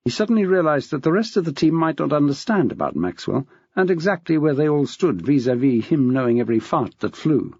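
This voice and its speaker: A man narrating an audiobook in a measured, expressive reading style. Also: on the high side, breathy edge, no room sound. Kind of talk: scripted narration. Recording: dull, dry.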